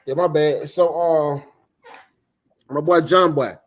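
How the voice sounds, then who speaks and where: A middle-aged man co-hosting a casual chat, telling animated, profane stories and acting out the people he quotes. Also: fairly high pitch, slow pace. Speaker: co-host.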